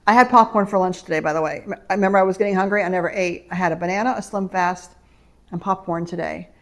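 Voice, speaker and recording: A middle-aged woman vlogger chats casually on camera at home about a shopping haul, rambling from one story to the next. Her voice is on the low side and quick-paced, recorded on the camera mic.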